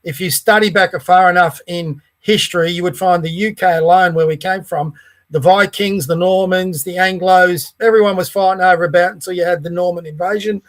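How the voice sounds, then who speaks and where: A man co-hosts a podcast, arguing his points at length in a rambling, opinionated way. His voice is notably high for a man. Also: steady tone, brisk. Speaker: podcast co-host. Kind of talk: casual podcast chat.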